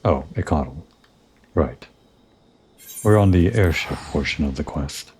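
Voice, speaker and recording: A man's voice: very deep voice, expressive, unhurried, darkish tone, slight background noise. A man giving casual, rambling commentary over gameplay. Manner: rambling, musing asides.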